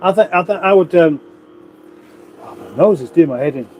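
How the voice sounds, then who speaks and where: A man's voice: a little high, lively intonation, moderate pace, a little hiss or hum, rough recording. A middle-aged man from England hosting a casual livestream, rambling on and reading viewer comments aloud. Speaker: livestream host. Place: home room, indoors.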